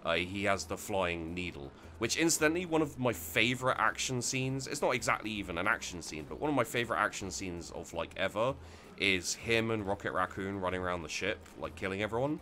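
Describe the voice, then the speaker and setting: Deep-voiced man rambling over gameplay. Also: animated, fairly quick, pushed and bright, a little hiss or hum. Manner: rambling, many restarts and fillers. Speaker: let's play host. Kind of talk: casual gameplay commentary.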